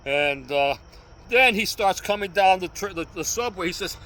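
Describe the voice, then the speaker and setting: A man's voice: high-pitched, expressive, moderate pace, sharp tone, slight background noise, poor audio. An older man, telling a story in casual street talk and punctuating it with sound effects. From New York. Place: outdoors on a city street.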